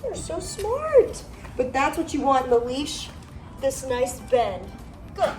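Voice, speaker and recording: High-voiced woman dog trainer coaching. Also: a little slow, reverberant, far from the mic, soft background music. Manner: praising, instructive, coaching. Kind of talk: outdoor training demonstration. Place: outdoors on a driveway or street.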